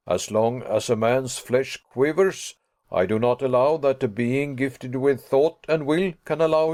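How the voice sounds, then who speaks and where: A man's voice: mid-range voice, darkish tone. A man voicing a cool, lecturing old professor. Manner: firm, lecturing. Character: stern, composed older male professor.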